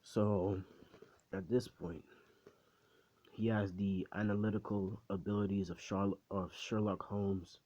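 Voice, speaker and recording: A man's voice: fairly low pitch, level tone, takes it slowly, a little mellow. A man casually retelling a fan story in a rambling, slangy way, laughing at his own jokes. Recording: slightly muffled recording.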